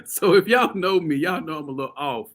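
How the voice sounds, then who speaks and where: A man hosting a show, telling a story casually to his viewers, animated and laughing often. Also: a little high, fairly quick. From US South. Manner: animated, laughing often, addresses audience as y'all. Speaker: host.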